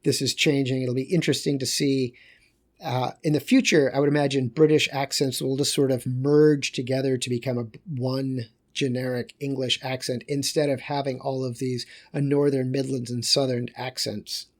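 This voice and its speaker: A man's voice: mid-range voice, little pitch movement, moderate pace. A male teacher giving a recorded lecture in a conversational way, with joking asides.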